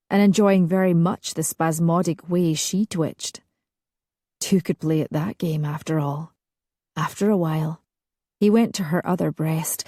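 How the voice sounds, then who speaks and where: A woman narrating a romance audiobook in a soft, intimate, unhurried reading. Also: on the low side, dry recording, studio quality.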